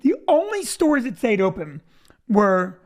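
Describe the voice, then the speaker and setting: A man's voice: high voice, sing-song, unhurried. A middle-aged man, a comedian co-hosting a casual chat show, talking bluntly and jokingly. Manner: jokey and blunt, slips into silly voices. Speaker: comedian co-host.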